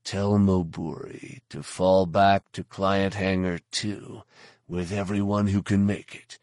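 A man's voice: deep voice, level tone, slow pace, a little mellow, no room sound. A man voicing a blunt male armored bounty hunter who talks in a curt, dry, sardonic way.

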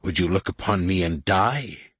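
A man reading an audiobook and voicing a majestic, menacing alien overlord who speaks in a hushed, whispered rumble, slow and commanding. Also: husky, no echo.

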